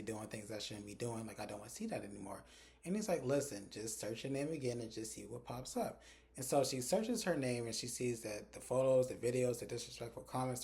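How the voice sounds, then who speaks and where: A man's voice: mid-range voice, warm tone. A man recapping a TV episode for his viewers, acting out the characters' lines and talking straight to his audience. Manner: chatty, addresses viewers directly. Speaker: TV recap reviewer.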